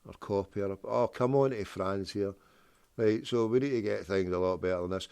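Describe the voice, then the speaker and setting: A man's voice: lowish voice, moderate pace, vocal fry, a little mellow, smooth, no echo. A man hosting a prank call show, rambling off on tangents with jokey wordplay. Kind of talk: rambling solo talk with prank calls.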